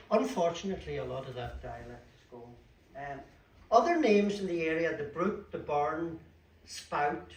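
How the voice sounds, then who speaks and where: A man with a Donegal Irish accent giving a chatty talk on local place names at a community event. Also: fairly high pitch. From Donegal, Ireland. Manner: chatty, explanatory, with dry asides. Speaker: guest speaker at a local history talk. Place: community hall at a book launch. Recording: echoey hall, distant mic, faint room noise.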